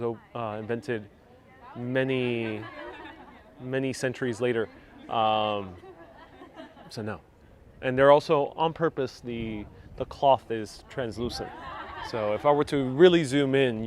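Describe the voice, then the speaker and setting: Male live-stream travel host, native Spanish speaker, chatty and giggly, phone mic outdoors. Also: mid-range voice. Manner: chatty, laughs often, reads viewer comments aloud. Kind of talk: casual live-stream tour chat. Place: outdoors at a hilltop historic site. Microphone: phone on a gimbal with a wireless mic.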